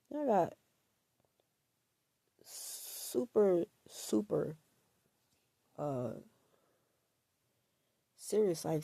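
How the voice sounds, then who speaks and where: A woman telling her own story to camera in a halting, hesitant way, repeating words and filling pauses, with a throat scratchy from allergies. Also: deep voice, gravelly, warm tone, no echo.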